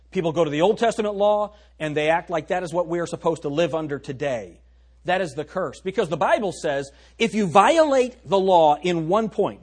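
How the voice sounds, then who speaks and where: A man preaching a sermon, emphatic and folksy, who slows down to stress key words and talks straight to his congregation. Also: on the high side, a little mellow, breathy edge. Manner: folksy, addresses the congregation directly.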